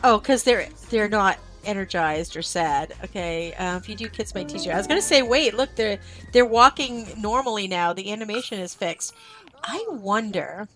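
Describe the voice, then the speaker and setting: A woman's voice: mid-range voice, moderate pace, fairly bright tone. A woman streaming a game live, gushing and talking to her game characters as she plays. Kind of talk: live-streamed gameplay commentary. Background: game music.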